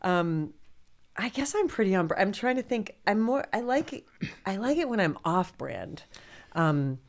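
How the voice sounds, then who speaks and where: A woman's voice: medium pitch, sing-song, normal speed. A middle-aged woman, an author, telling candid stories in conversation, laughing often and acting out the people she quotes. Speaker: author and podcast guest.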